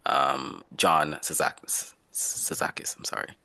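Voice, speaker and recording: A man's voice: fairly low pitch, animated, fairly quick, a bit bright. A man teaching an online class, explaining and calling on students by name in a casual, conversational way. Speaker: instructor.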